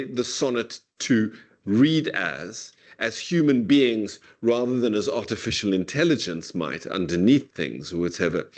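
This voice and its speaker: A man's voice: medium pitch, a little mellow. A middle-aged man giving a university literature lecture in a classroom, discursive and full of "okay?" tags. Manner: dramatic slow recitation of verse.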